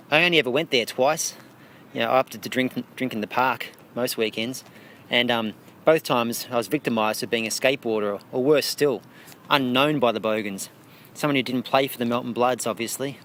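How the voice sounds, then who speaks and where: A man's voice: medium pitch, a bit bright, a little hiss or hum. An Australian man answering radio interview questions as a featured artist, with dry, wry asides.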